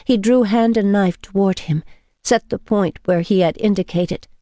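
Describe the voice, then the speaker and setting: A woman reading a novel in first person as an audiobook narrator, measured and intimate. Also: medium pitch, mellow, no echo.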